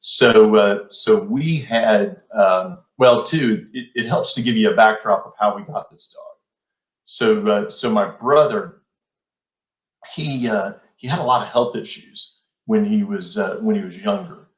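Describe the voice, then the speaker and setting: A man's voice: lowish voice, a little slow. A middle-aged man hosting a casual storytelling chat, laid-back and rambling with plenty of fillers. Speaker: podcast host. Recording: roomy echo.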